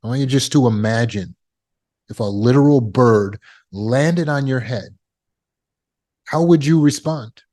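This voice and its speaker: A man's voice: mid-range voice, measured pace, pauses often, darkish tone. A man teaching trauma recovery as a coach, speaking emphatically and repeating phrases for effect. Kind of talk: motivational teaching talk.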